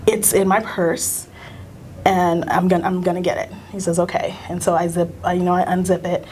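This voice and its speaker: A middle-aged American woman, a teacher and union leader, recounting a personal experience in a halting, earnest way with many fillers and restarts. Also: lowish voice, level tone, darkish tone, slight background noise. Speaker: union council president, teacher. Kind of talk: personal storytelling in a recorded conversation.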